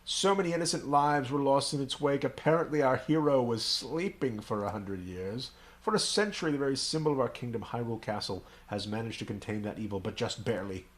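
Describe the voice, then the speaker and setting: A man's voice: medium pitch, brisk, hardly any pauses, natural voice. A man voicing a mysterious old hermit, reading the lines in a lofty, dramatic way. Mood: solemn. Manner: reads the game lines in an elevated, dramatic voice.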